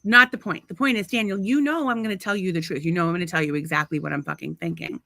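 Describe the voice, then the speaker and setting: A woman co-hosting a relaxed chat show with her husband, talking bluntly and swearing freely. Her voice is bright and forward, recorded close and dry with no room sound. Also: fairly low pitch, quick pace, vocal fry, dry recording. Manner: blunt, profane, teasing. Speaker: podcast co-host. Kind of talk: casual banter.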